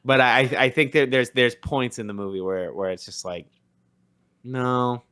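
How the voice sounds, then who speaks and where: A man's voice: mid-range voice, fairly quick, pushed and bright, clear, resonant tone. A young man co-hosting a podcast, chatting casually and rambling with lots of restarts and fillers. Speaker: podcast co-host. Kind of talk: casual chat.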